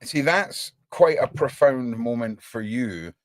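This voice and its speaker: A man hosting a casual livestream chat, animated and talkative, often checking in with "right?". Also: mid-range voice, slow, no room sound. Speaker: podcast host.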